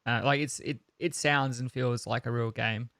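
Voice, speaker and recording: A man's voice: mid-range voice, fairly even intonation, normal speed, fairly bright tone, dry recording, clean studio sound. A man co-hosting a casual podcast, talking earnestly with lots of fillers and restarts. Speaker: podcast co-host.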